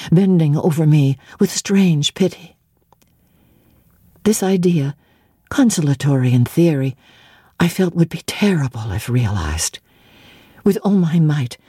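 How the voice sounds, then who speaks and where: A woman from Canada giving a dramatic, measured reading of a classic novel as narrator, sinking to a hush at tense moments. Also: low voice, breathy edge, no echo, studio quality.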